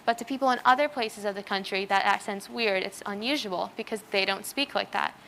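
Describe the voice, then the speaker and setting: A woman's voice: medium pitch, fairly quick, vocal fry, sharp tone, a little hiss or hum. A teenage girl giving an earnest, example-filled student talk on a school stage. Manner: earnest, explanatory, uses many examples. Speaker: student speaker. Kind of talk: prepared presentation talk.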